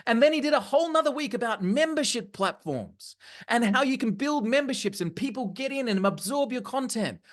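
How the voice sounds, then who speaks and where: A marketing trainer giving an animated live seminar talk to a room, repeating key phrases for emphasis. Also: medium pitch, fairly quick.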